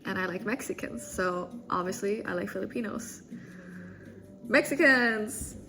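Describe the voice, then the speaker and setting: A woman's voice: medium pitch, fairly even intonation, a little fast, fairly bright tone, faint music behind. A woman livestreaming, chatting casually and joking as she reads viewer comments, often breaking into laughter.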